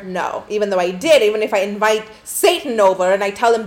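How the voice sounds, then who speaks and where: In a slightly high voice, a young adult woman races through a storytime to camera at a quick pace with few pauses. She swears heavily, wanders off on tangents, and leans on "like" constantly.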